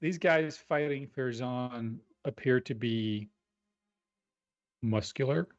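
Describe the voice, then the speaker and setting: Man, tabletop player, deliberate, thinking aloud, middle pitch, dull dry mic. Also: dry recording. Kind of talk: casual tabletop play.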